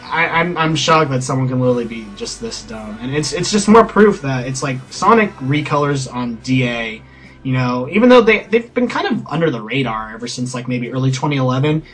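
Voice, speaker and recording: A man in casual ranting commentary, sarcastic and halting, often repeating words as he starts a sentence. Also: medium pitch, expressive, husky, faint music behind.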